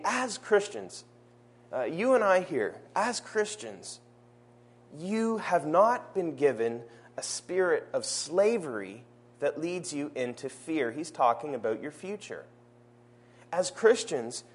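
Earnest preacher, a man with a higher voice. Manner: earnest, slows down to stress key phrases. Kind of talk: sermon.

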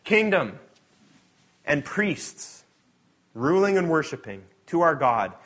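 Man, sermon, slightly high voice, animated delivery, loud emphatic readings, soft asides. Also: takes it slowly, pauses often. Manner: reads scripture aloud with sarcastic emphasis. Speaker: preacher.

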